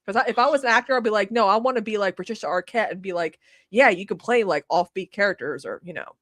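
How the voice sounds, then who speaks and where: A woman in her thirties co-hosting a podcast, chatting in an animated, rambling way with quick asides and swearing. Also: medium pitch, no echo, clean studio sound. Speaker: podcast co-host. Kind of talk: casual chat.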